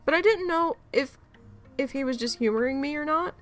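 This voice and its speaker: A woman's voice: sits high, brisk, fairly bright tone, faint music behind. A woman streamer chatting casually while she plays, rambling through a story and swearing freely. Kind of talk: casual chat while gaming.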